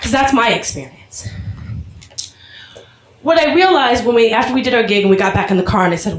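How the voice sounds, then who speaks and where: A woman's voice: a little high, lively intonation, a little fast, pauses often, roomy sound, low-quality recording. A woman from Vermont giving an earnest, emotional public comment at a town meeting. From Vermont, USA.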